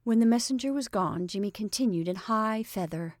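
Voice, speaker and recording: A woman's voice: medium pitch, expressive, brisk, hardly any pauses, no echo, studio quality. Woman narrating a classic short story.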